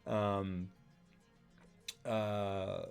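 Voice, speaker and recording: A man's voice: on the low side, level tone, drawn-out words, gravelly, a little mellow, smooth, soft background music. A man co-hosting a casual film talk show, recapping a plot in a rambling way and acting out the characters' lines. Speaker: podcast co-host. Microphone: streaming mic.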